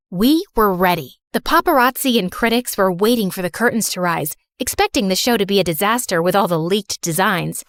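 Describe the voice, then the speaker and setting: A woman voicing a cheerful teenage girl narrating her family story in an animated tale. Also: on the high side, dry recording, natural voice.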